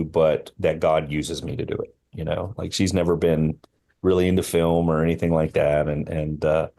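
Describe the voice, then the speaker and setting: A man, a film line producer, telling a personal story as a podcast guest in an earnest, halting way with many fillers and restarts. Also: extremely low pitch, flat delivery, creaky, warm tone.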